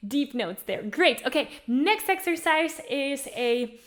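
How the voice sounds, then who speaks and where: Woman vocal coach leading singing warm-ups. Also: sits high, lively intonation, takes it slowly. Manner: encouraging, demonstrates exercises by singing along. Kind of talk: guided vocal warm-up lesson. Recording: faint piano music under voice. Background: piano accompaniment.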